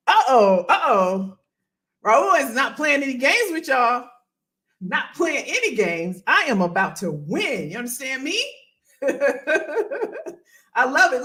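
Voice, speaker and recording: A woman hosting a casual live career session, playful and energetic, repeating phrases and greeting viewers by name. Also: high voice. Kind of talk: casual live-stream chat.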